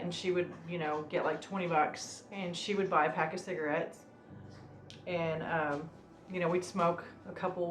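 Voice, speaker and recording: A woman's voice: on the low side, slight background noise. A woman vlogger telling a personal story in casual chat, rambling with many fillers like "um" and "you know". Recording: roomy room with faint music.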